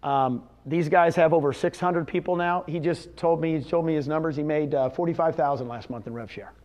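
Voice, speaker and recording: A man giving a motivational seminar talk in front of a live audience, animated, asking the audience questions and answering them himself. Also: a little high, a little fast, lo-fi sound. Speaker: presenter at a real estate seminar.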